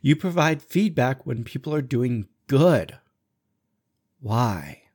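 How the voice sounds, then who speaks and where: Man, podcast host, blunt, swears freely, average pitch, lively monologue. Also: takes it slowly, husky. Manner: blunt, profane, animated storytelling.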